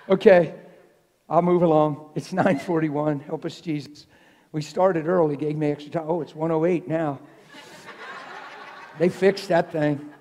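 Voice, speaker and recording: A man preaching a sermon to a congregation, telling stories in an animated way that drops to a hush and rises to shouts. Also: fairly high pitch. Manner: animated, swings from hushed to shouting. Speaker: traveling preacher. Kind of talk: sermon with storytelling. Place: church sanctuary. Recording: live church hall reverb.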